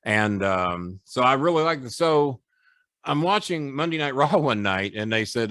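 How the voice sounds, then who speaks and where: A man's voice: medium pitch, unhurried, no echo, studio quality. A middle-aged man, a former wrestling manager, telling boastful, profane stories as a podcast guest. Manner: boastful, profane, animated storytelling. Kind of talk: casual storytelling.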